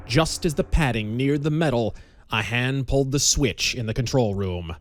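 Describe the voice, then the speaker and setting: A man narrating a pulp audiobook in a measured, dramatic storytelling manner. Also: mid-range voice, a little hiss or hum.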